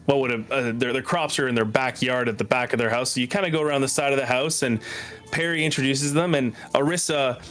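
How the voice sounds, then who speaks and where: A man's voice: medium pitch, fast, a bit bright. Hesitant man narrating as game master. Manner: hesitant, many fillers. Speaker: dungeon master.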